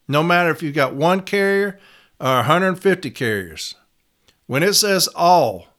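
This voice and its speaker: A man's voice: a little high, bright, forceful tone. A man giving an instructional talk as a union advocate, stressing single words and repeating them.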